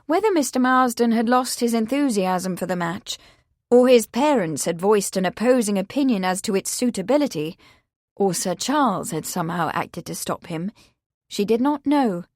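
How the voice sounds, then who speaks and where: In a clean studio recording with no reverb, a woman with a mid-range voice reads an audiobook aloud, telling the scripted story at a measured, even pace.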